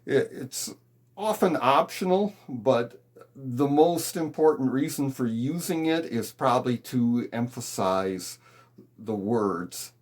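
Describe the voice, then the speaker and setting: A man's voice: medium pitch, lively intonation, takes it slowly, a little mellow. A man teaching a guitar lesson on hymn chords, explaining patiently step by step.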